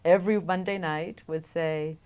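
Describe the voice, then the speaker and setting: Middle-aged woman, low voice, wry reflective storyteller, oral history interviewee. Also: steady tone, normal speed, darkish tone, smooth.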